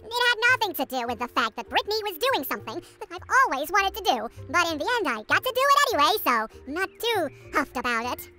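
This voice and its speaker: A fan voicing a boastful, loud young male chipmunk with a squeaky high voice in a fan-made character podcast. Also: sing-song, quick pace, few pauses, faint music behind, full character voice. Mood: defensive.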